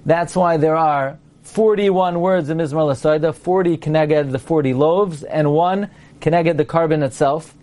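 A man's voice: on the high side, unhurried, darkish tone. A man teaching a class on prayer and grammar, playful and quizzing, sounding out examples as he explains. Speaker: Torah teacher. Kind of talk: lecture to a class.

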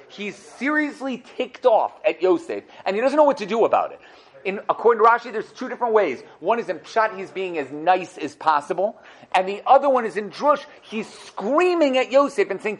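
Animated high-voiced man teaching Torah. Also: normal speed. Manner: animated, dramatizes quotes with a rising voice. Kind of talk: classroom lesson on the weekly portion.

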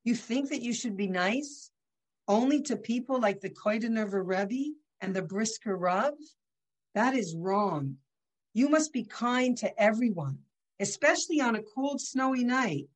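A woman voicing a revered elderly male rabbi who speaks gently and firmly in a low, soft voice. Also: animated, measured pace. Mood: gentle.

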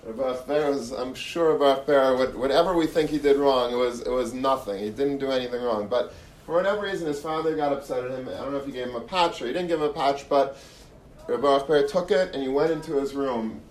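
A man's voice: mid-range voice, fast. A man giving an earnest storytelling Torah talk, often repeating and restarting phrases. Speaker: Torah lecturer. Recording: echoey room, mic far off, faint noise.

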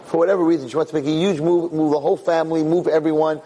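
A middle-aged man, a rabbi, giving a Torah class as an animated storyteller who repeats words as he restarts his sentences. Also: on the high side, very fast.

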